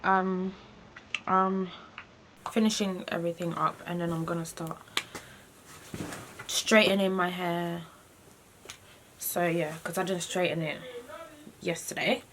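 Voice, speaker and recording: Soft-spoken woman in her twenties. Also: lowish voice, flat delivery, slow, pauses often. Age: 20s. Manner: chatty, soft-spoken, narrating her makeup steps. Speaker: vlogger. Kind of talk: casual chat. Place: at home, getting ready. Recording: noisy home video recording.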